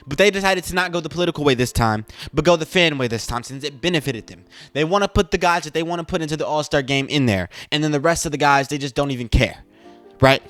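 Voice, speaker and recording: A man rants in a casual podcast style, his voice sitting a little high. He talks with indignant emphasis and keeps firing rhetorical questions. Faint music plays underneath. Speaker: podcast host. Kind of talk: casual sports rant.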